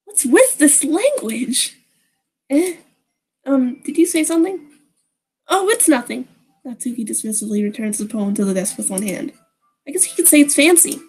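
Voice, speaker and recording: A woman's voice: high-pitched, expressive, moderate pace, pauses often, darkish tone, breathy edge. Snippy, prickly teen girl, read by a woman.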